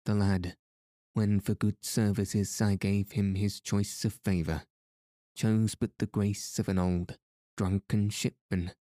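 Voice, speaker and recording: A man's voice: on the low side, little pitch movement, slow pace, mellow, no room sound, studio quality. A man reading as a harsh, stern medieval duke. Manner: harsh, curt.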